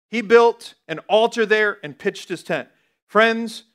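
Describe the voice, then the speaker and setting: High-pitched, bright-voiced energetic pastor. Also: male voice. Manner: energetic, reads scripture aloud and laughs at his own stumbles. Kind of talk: sermon.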